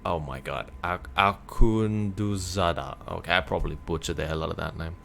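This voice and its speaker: A man's voice: rumbling low, steady tone, fast talker, gravelly, a bit bright, faint music behind. A streamer man reading news aloud and adding blunt comments, stumbling over hard names.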